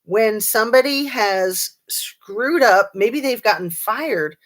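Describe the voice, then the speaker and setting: A woman's voice: on the high side, expressive, slow, a bit bright. A woman hosting a casual true-crime livestream, chatting and reading viewer comments with lots of ums and a sarcastic streak.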